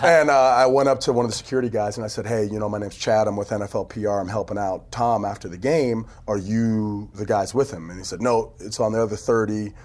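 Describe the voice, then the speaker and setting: Low-voiced man telling animated stories. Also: fast, hardly any pauses. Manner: animated, acts out quotes, laughs often. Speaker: team PR executive telling stories. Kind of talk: casual storytelling on a podcast. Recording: phone interview audio.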